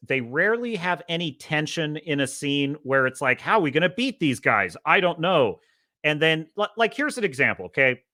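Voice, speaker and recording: Podcast host, young man, lively casual film critique, bright forward tone. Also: no echo, studio quality. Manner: animated, rises high when quoting. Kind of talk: casual movie review.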